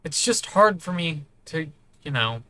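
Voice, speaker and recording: Man reading as evasive young guy, hesitant, placating, bright voice. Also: fairly high pitch, big pitch swings, measured pace, no room sound, pitched above the performer's own voice, exaggerated voice.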